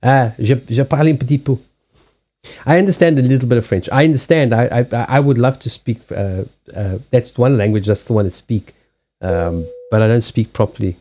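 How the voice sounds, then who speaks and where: This card-reading stream host, a man from Africa, talks casually with viewers and answers their chat, frequently stopping and restarting his sentences. His voice is mid-range and mellow, and the streaming setup makes the audio sound dull.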